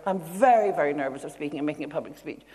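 A woman's voice: sits low, rapid-fire, dark tone. A woman telling a chuckling, self-mocking story to an audience. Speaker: guest author. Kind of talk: anecdote told to a live audience. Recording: echoey hall with audience and hiss.

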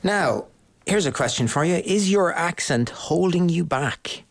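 A man, hosting a radio talk show in a measured, questioning way. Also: a little high, lively intonation, vocal fry, faint music behind. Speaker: radio host.

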